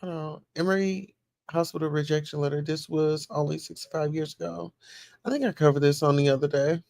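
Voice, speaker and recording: A woman's voice: deep voice, fairly even intonation, a little fast, gravelly, darkish tone, no room sound, studio quality. A woman hosting a casual livestream, chatting as she reads news and viewer comments aloud and reacts to them. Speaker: livestream host.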